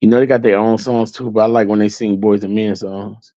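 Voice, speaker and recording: Here a man hosting his own channel spins a relaxed story for livestream viewers, chuckling freely as he talks. His voice is lowish and mellow, brisk in pace with fairly even intonation. The audio sounds dull but has no echo.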